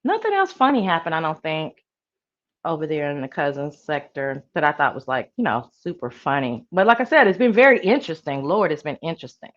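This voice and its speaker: A woman's voice: deep voice, sing-song, fairly quick, dull audio. A woman hosting a casual live-stream chat, talking in a playful, sassy, slang-filled way and answering her viewers. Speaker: live-stream show host.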